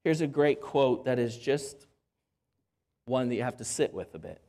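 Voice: medium pitch, expressive, warm tone. Earnest preacher repeating key lines. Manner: earnest, repeats key phrases and slows down for emphasis; addresses the audience as friends. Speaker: pastor. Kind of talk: sermon.

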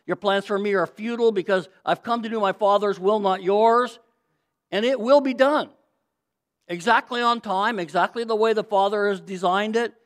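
Middle-aged guy preaching, fairly high voice, gets loud then drops soft. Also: moderate pace. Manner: expository preaching, rising for emphasis, dropping to quiet asides. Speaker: pastor. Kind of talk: sermon.

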